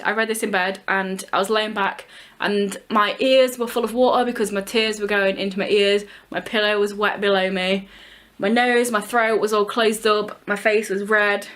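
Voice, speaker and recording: Young woman book vlogger, slightly high voice, chatty and emphatic, casual swearing. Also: a bit bright. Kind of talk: casual book review chat.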